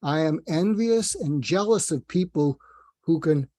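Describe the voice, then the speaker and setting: A man's voice: fairly high pitch, animated, a little slow, warm tone, no echo, studio quality. A man speaking as a psychiatrist guest on an interview, rambling and self-deprecating, telling stories with asides. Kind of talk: casual interview talk.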